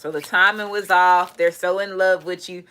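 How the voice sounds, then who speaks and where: Bright-voiced animated woman reading tarot. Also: lowish voice, normal speed, slight background noise. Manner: animated, profane, laughing asides. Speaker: tarot reader. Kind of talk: casual tarot reading monologue.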